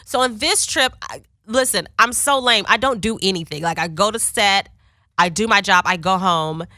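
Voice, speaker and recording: A woman's voice: medium pitch, normal speed, dry recording, clean studio sound. A woman being interviewed as a guest actress, chatting casually in an office and laughing often as she tells stories. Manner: laughs often, animated storyteller.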